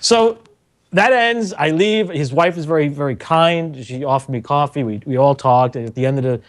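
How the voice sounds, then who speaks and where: A middle-aged man, a radio engineer, telling lively anecdotes on a talk show and acting out the quotes. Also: fairly high pitch, moderate pace. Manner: animated storyteller, acts out quotes, laughs often.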